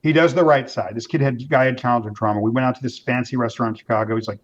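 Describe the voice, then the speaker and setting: A man's voice: mid-range voice, fast talker, hardly any pauses. A man telling a long story as an interview guest, acting out what people said and restarting his sentences often. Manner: animated storyteller, acts out quoted voices, many restarts. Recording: dull lo-fi sound.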